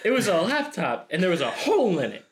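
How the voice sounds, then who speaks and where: Podcast co-host, man, fairly high voice with lively pitch, animated storyteller who laughs through his lines. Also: fast. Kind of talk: casual chat.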